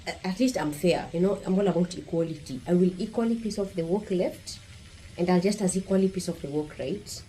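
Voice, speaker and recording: Blunt Kenyan woman with a warm voice. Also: on the low side, a little fast, a little hiss or hum, poor audio. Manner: blunt and provocative, speaks directly to viewers. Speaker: vlogger. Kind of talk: opinionated casual vlog commentary.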